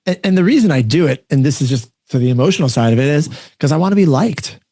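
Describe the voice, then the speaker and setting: A man hosting a podcast, talking quickly in a mellow, darker tone, fairly high for a man. He tells stories in an animated, self-deprecating way, with plenty of casual fillers. The sound is dry and close. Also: dry recording. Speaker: podcast host. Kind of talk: casual chat.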